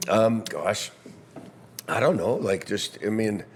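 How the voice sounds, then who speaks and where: A man's voice: fairly low pitch, takes it slowly, background noise. A middle-aged man, a guest musician, telling stories with lots of laughs over drinks in the back bar of a pub. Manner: storytelling, laughing often. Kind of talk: casual chat over drinks.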